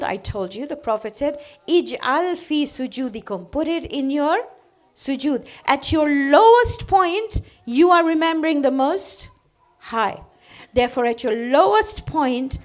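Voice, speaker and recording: High-voiced woman teaching children. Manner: animated storytelling, acts out voices, asks checking questions. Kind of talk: classroom teaching with storytelling.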